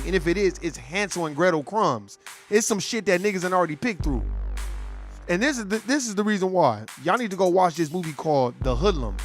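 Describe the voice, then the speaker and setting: A man delivering a profane, heated political rant in street slang. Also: a little high. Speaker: commentator.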